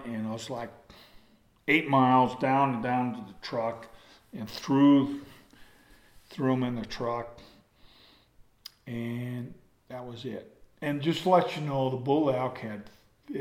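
A man's voice: medium pitch, reverberant. An older man telling a rambling, folksy story to an audience in a casual way, acting it out as he goes. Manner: folksy, rambling, acts out with gestures.

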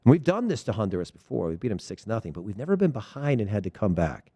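A man with a lowish voice gives an animated, story-driven monologue about soccer. He often stumbles and repeats his words as he builds his point. The sound is dry and close, with no room echo. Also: quick pace. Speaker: soccer commentator. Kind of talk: casual opinion monologue.

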